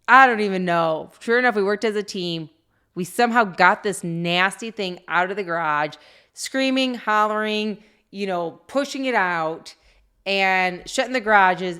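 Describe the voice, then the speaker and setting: A middle-aged woman co-hosting a podcast, telling a story in a lively, laughing way with lots of fillers. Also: medium pitch, smooth. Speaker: podcast co-host. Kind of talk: casual storytelling chat.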